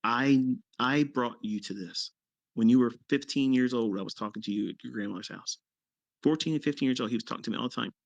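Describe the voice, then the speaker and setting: A man's voice: very fast, vocal fry, darkish tone, dry recording, muffled recording. Blunt, profane middle-aged man storyteller. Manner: blunt and profane, with sudden emphatic jumps in pitch. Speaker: trading mentor. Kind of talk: casual storytelling on a live audio chat.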